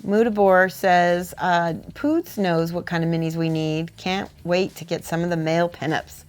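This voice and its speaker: A woman livestreaming as she paints miniatures, reading viewer messages aloud and thinking out loud between brushstrokes. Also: on the low side, steady tone, moderate pace, clear, resonant tone. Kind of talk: casual livestream chat while painting.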